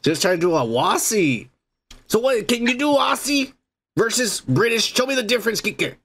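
Raspy, bright-voiced podcast co-host man. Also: high voice, big pitch swings, moderate pace. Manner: crude, boastful, joking. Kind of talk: casual drunk chat.

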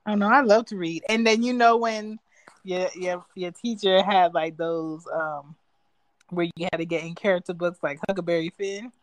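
A woman's voice: lowish voice, fairly even intonation, normal speed, no echo, poor audio. A woman co-hosting a casual podcast, telling stories in an easygoing, wry way. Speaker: podcast co-host.

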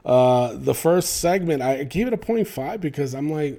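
Animated man ranting, warm voice. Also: medium pitch, normal speed, hardly any pauses. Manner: opinionated, animated, swearing, many fillers. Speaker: podcast host. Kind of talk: solo wrestling podcast rant.

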